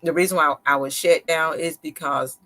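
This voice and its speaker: A chatty woman with a low, a bit bright voice talks straight to her live-stream viewers in a steady tone at a normal speed. She tells personal stories casually and unscripted, as if confiding in them, candid, conversational, and a bit sarcastic and slick. Her phrasing is loose and repetitive, full of restarts.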